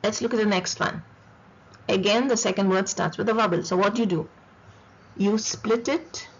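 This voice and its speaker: A woman teaching a French lesson, patient and repeating each word slowly for practice. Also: medium pitch, breathy edge. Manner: patient, repeats words for drill. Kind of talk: slow recorded lesson. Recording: dull lo-fi recording.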